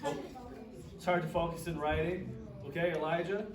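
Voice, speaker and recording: A man with a fairly high voice leads a group of children, cheering them on and asking them questions. He sounds far from the mic in an echoey room. Children can be heard around him, and the sound is a bit dull. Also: steady tone, moderate pace, crowd noise. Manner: encouraging, asks the kids lots of questions. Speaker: children's program host. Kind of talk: leading a children's group lesson.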